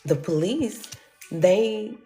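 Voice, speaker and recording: A woman telling a personal story to her viewers in a casual, animated way, acting out the voices of the people in it. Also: medium pitch, very slow, soft background music. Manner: animated, acts out quoted voices, addresses viewers as y'all.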